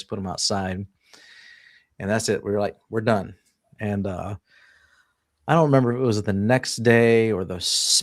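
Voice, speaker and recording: A man's voice: on the low side, no room sound, clean studio sound. A man in casual conversation, telling a personal story animatedly with frequent laughs and restarts.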